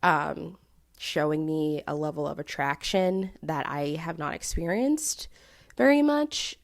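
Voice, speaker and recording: A young woman in her twenties talks through a casual solo podcast with a gravelly, slightly low voice. She rambles with lots of fillers and laughs, and now and then leaps up into high, playful asides. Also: expressive, a little slow. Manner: chatty, filler-heavy, laughs often, jumps into high playful bits. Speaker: podcast host.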